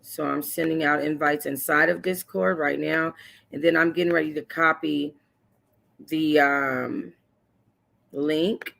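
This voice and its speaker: A woman's voice: sits low, fairly even intonation, a little slow, vocal fry, fairly bright tone. A woman talking straight to her viewers in a loose, unscripted stream. She is sassy and emphatic and drops in slangy asides to make her points. She sounds like she is chatting with friends. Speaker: YouTube host reviewing a reality show. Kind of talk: casual livestream commentary.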